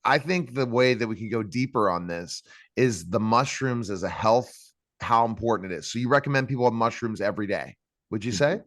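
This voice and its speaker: A male talk show host in casual conversation with his guest. He asks rambling, chatty questions in a mid-pitched voice, recorded with a dry, close sound. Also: expressive, fairly quick, a bit bright, no echo. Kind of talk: casual interview chat.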